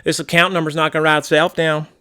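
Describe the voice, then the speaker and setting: A man's voice: on the high side, flat delivery, quick pace, bright, forceful tone, smooth. A man playing a brash, gun-loving rural American man in a comedy sketch, blustering, crude and folksy. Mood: boastful.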